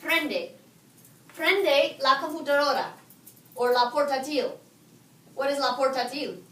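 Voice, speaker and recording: A high, bright woman's voice leads a high school classroom. She fires questions at her students and echoes back their answers. She is picked up from across an echoey room with a faint hum underneath. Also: unhurried, distant mic. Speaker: high school Spanish teacher. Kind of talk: classroom teaching.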